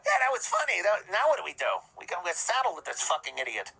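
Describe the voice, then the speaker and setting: A man's voice: sits high, huge pitch swings, quick pace, vocal fry, bright, forceful tone, breathy edge, low-quality recording. A man ranting scornfully in profane, mocking commentary as a podcast host.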